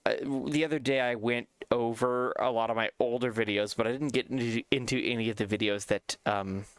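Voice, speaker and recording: Young streamer dude, crisp smooth voice, chatty, jumps way up in pitch when quoting people. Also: male voice, a little fast, no room sound. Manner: animated, acts out quotes with big pitch jumps; swears casually, repeats phrases. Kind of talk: casual storytelling chat.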